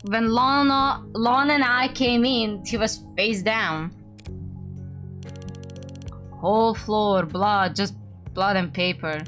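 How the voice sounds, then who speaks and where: A woman's voice: medium pitch, slow, long pauses, fairly bright tone, faint music behind. A woman voicing a drunk, short-tempered female homicide detective who talks bluntly and swears. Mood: bitter.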